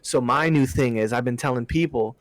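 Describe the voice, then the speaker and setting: A man's voice: medium pitch, a little fast, no echo. A young man co-hosting a podcast, telling work stories in casual chat and acting out customers. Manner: storytelling, laughs often, mimics customers. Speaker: podcast co-host.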